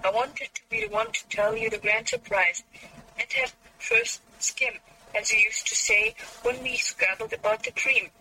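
A woman's voice: fairly high pitch, normal speed, bright, forceful tone, a little hiss or hum, rough recording. A woman reading aloud as Laurie, a cheerful, playful young man, pleading cheerfully.

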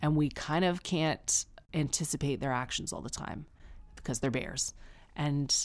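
A woman's voice: low-pitched, a little slow. A woman hosting an advice podcast, answering a listener with frank, conversational personal stories. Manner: frank, conversational, with frequent restarts and emphatic asides. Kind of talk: casual, candid personal storytelling.

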